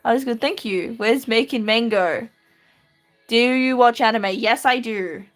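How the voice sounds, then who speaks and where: A woman's voice: a little high, measured pace, faint music behind. A woman from Australia with an Australian accent, live-streaming from her room and chatting casually with her viewers, laughing lightly as she answers. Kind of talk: casual live-stream chat while drawing.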